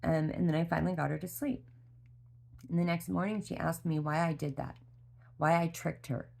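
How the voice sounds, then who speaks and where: A tired mother speaks in a low voice with a gravelly, creaky edge, telling her story candidly in a vlog. Her talk rambles with heartfelt restarts. The fatigue is audible. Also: steady tone, normal speed, a little mellow. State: exhausted. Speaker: mother sharing a parenting story.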